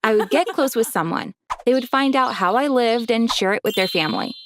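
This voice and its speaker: A woman's voice: fairly high pitch, expressive, a little fast, faint music behind. A woman narrating a first-person storytime in a chatty way.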